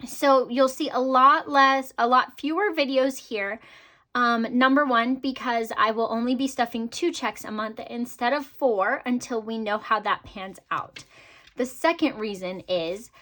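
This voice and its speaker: A woman's voice: a little high, measured pace, bright, forceful tone. A woman vlogger chatting casually to her viewers about her budget, upbeat, with frequent ums and laughs. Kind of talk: casual chat to camera.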